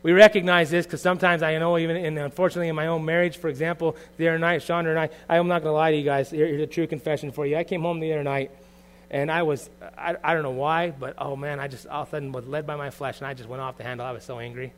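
A middle-aged man preaching a sermon as pastor, earnest and confessional, moving from quiet reflection to loud bursts. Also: a little high, level tone, quick pace, hardly any pauses.

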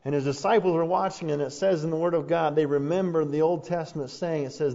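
Male pastor, high voice, preaching with rising fervor; muffled lo-fi sound. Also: fairly even intonation, fast, few pauses. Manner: preaching, building to loud fervent passages. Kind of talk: sermon.

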